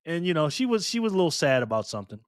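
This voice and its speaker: A man's voice: on the high side, big pitch swings, rapid-fire, no room sound, clean studio sound. A man hosting a live stream, casually reading viewer comments and trading teasing, slangy banter with lots of laughter.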